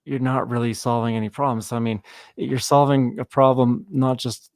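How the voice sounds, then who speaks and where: A man hosting a podcast in casual conversation, enthusiastic and a bit halting. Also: medium pitch, fairly even intonation, dry recording, clean studio sound. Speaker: podcast host. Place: works in Canada.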